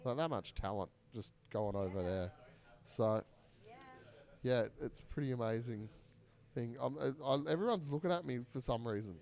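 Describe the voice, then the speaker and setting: A man's voice: mid-range voice, lively intonation, normal speed, a little mellow. An Australian man hosting a fundraiser stream, chatting casually and joking at his own expense, laughing often. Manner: jokey, self-mocking, laughs often. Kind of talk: casual chat.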